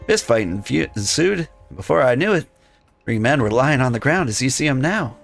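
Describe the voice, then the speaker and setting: A man's voice: mid-range voice, very animated, moderate pace, gravelly, soft background music. A man voicing a young woman who claims to be a simple milkmaid, speaking primly and politely. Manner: prim, polite and old-fashioned. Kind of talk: reading game dialogue aloud.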